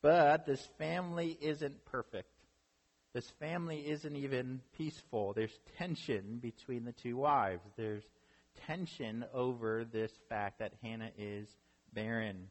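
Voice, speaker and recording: A pastor speaks a little slowly in a mid-range voice, preaching a sermon built around a conversationally retold story. He often asks listeners "right?" and his voice echoes with a hall's long reverb.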